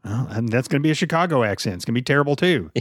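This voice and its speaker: A man's voice: mid-range voice, expressive, rapid-fire, no echo, clean studio sound. A man co-hosting a casual movie review podcast, blunt and sarcastic, swearing freely. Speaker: podcast co-host.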